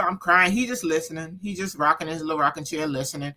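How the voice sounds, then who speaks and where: A woman guest chatting about her family with animated storytelling, playing out each quote as she goes. Her voice is bright and clear. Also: low voice, fast talker. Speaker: author guest. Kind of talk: casual storytelling chat.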